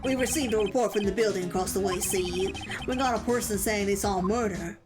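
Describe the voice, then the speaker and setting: Woman doing a gruff male detective. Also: medium pitch, fairly quick, music in the background, close to an everyday voice. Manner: tacks "see?" onto sentences. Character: gruff male police detective, blunt and bossy. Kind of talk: game voice-over read-aloud.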